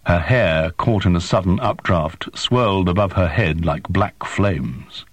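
A man narrating a science fiction audiobook in a measured, descriptive reading. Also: low-pitched, husky, dry recording. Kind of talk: scripted narration.

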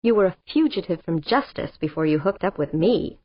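A woman narrator voicing a composed male corporation head with a measured, wry manner. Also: lowish voice, animated, no room sound. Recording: dull lo-fi audiobook recording.

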